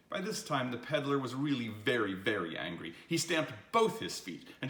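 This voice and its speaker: An older man reading a children's picture book aloud with an expressive, storytelling delivery. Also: medium pitch, moderate pace, hardly any pauses. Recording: roomy echo.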